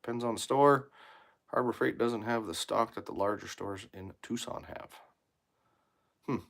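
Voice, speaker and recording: A man's voice: lowish voice, measured pace, gravelly, fairly bright tone. A man, a mechanic in his workshop, chatting casually on a live stream, reading viewer comments aloud and swearing freely as he rambles about tools. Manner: blunt, swears freely, rambling shop talk. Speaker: mechanic livestreaming from his shop.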